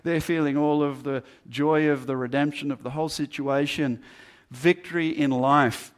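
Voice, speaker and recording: A man's voice: fairly high pitch, fairly even intonation, normal speed. A man preaching a sermon, earnest and building emphasis through repeated phrases. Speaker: pastor.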